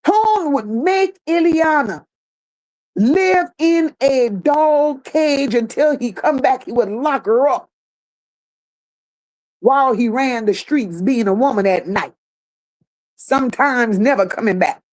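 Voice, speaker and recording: A woman hosting a reaction channel, gossiping in casual commentary and reading chat comments, animated and laughing. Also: high voice, slow pace. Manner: animated, laughing, gossipy with playful put-on voices.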